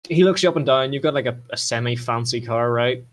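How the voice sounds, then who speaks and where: A man acting as game master, narrating a tabletop role-playing scene, often pausing and restarting. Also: medium pitch. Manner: hesitant, lots of fillers and restarts.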